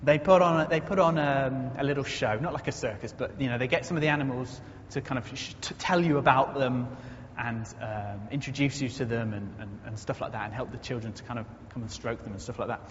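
A man's voice: mid-range voice, fairly quick, hardly any pauses. A man preaching a conversational sermon in a church, earnest and storytelling, building to emphatic repetition. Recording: echoey muffled hall recording, faint noise.

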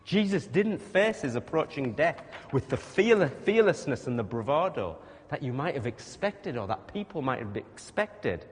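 Male preacher, lively sermon delivery, big echo of a hall. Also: mid-range voice, normal speed, few pauses. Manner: emphatic, animated, rhetorical questions to the congregation. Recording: long reverb of a large hall.

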